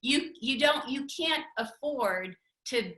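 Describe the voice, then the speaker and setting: Bright-voiced woman teaching in an echoey room. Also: sits high, lively intonation, slow pace. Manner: chatty, laughs often, many restarts. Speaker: communication workshop speaker. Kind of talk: teaching talk with spouse.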